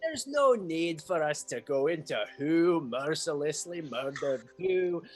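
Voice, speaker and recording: A man's voice: fairly high pitch, animated, unhurried, faint music behind. A man playing his character in a tabletop game, shifty and talking his way out of trouble. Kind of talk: in-character tabletop role-play.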